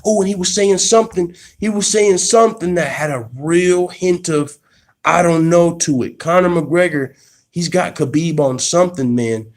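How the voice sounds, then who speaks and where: Excitable slangy man hosting an MMA stream. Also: on the high side, normal speed. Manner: profane slangy storytelling; excitable, restarts sentences. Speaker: MMA channel host. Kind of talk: casual live-stream reaction. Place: at his workplace.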